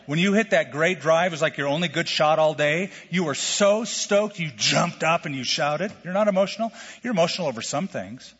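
A man's voice: a little high, brisk, few pauses, breathy edge. Middle-aged pastor guy preaching, chatty, lots of questions, dull lo-fi sound w/ long hall echo. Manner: animated, conversational preaching with rhetorical questions. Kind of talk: sermon. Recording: lo-fi sermon recording with long hall reverb.

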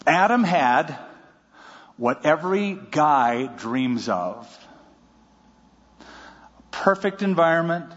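A man preaching a sermon, telling stories lively and with jokes. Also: fairly high pitch, takes it slowly, long pauses. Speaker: pastor. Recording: dull audio in a reverberant hall.

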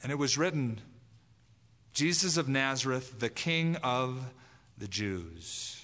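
A man preaching an evangelistic sermon, lively and dramatic, acting out quoted voices. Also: mid-range voice, takes it slowly. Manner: animated, acts out voices in quotes. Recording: long hall reverb.

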